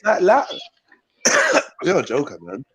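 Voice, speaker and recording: A man's voice: on the high side, huge pitch swings, slow pace, fairly bright tone, slightly rough. A man hosting a casual livestream, teasing his guests and laughing often. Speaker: livestream host.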